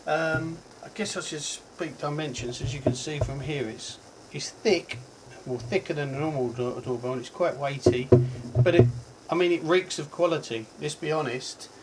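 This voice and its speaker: A man's voice: on the high side, normal speed, few pauses, very noisy. A man with a Cockney accent giving a casual, rambling product review, chatty and full of ums and self-corrections. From England. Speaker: tech reviewer.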